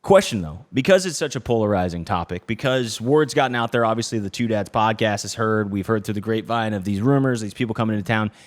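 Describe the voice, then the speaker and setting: A young adult man hosting a podcast, telling a story in an animated, casual way, cursing now and then and checking in with "okay?". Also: fairly low pitch, fast talker, few pauses. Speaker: podcast host.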